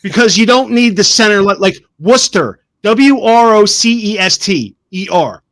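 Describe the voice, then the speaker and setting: A man from New Jersey hosting a podcast, asking questions in a rambling, halting way with many restarts. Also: high voice, animated, a bit bright. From New Jersey, United States. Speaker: podcast host. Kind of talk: casual interview chat.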